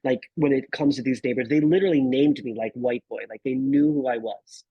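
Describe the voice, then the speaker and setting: Guest photographer in his thirties: husky, casual storyteller, lots of dude and bro. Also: medium pitch, a little fast, no room sound, muffled recording. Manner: laid-back, swears, says dude and bro.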